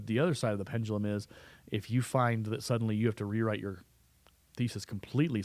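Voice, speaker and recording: Recorded on a close studio mic with no echo, a man with a medium-pitched, darkish voice teaches a writing lesson in class. His delivery is conversational, and he often repeats words and restarts phrases.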